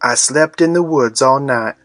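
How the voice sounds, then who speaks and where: A man narrating an audiobook in a measured storytelling manner. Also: mid-range voice, fairly bright tone, no echo, soft background music.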